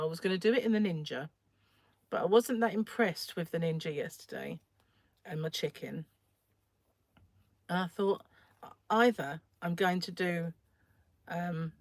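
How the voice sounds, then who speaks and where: Croaky, chatty woman on a phone livestream. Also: lowish voice, no room sound. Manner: chatty and rambling, often trails off. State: croaky, keeps clearing throat. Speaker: crochet livestream host. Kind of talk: casual livestream chat while crocheting.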